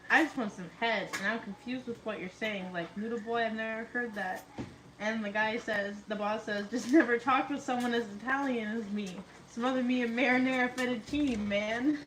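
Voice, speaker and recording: Giggly woman telling a story in an echoey room. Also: on the high side. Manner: laughs often while retelling a story. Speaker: podcast host. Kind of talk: casual storytelling chat. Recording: echoey room with loud background noise.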